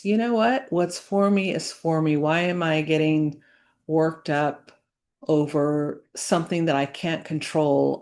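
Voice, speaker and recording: A woman speaking to camera in a reflective personal vlog, earnest and halting, with many fillers and restarts. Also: sits low, darkish tone. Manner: earnest, faith-centered. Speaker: business owner vlogging.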